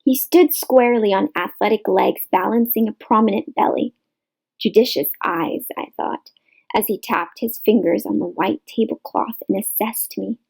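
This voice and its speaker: A woman reading a novel aloud in measured literary narration, in a rough home recording. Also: medium pitch, darkish tone, poor audio. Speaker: audiobook reader.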